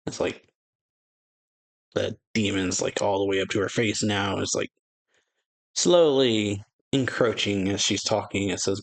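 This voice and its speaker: A man's voice: fairly low pitch, fairly even intonation, measured pace, long pauses. Casual man recapping a manga chapter. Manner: loose storytelling with many "like" fillers. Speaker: reaction channel host.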